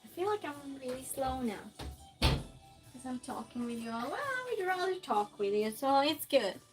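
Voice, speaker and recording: With music playing behind her, a high-voiced woman speaks at a moderate pace with big swings in pitch, chatting casually as she cooks on stream. She reads viewer comments aloud and answers them, laughing frequently and teasing her chat.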